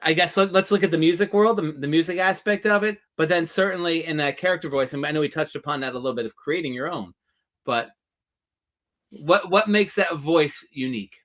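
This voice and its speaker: Eager, higher-voiced male stream host. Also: a little fast, fairly bright tone. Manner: eager, reads out viewer questions, rambling lead-ins. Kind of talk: live-stream interview.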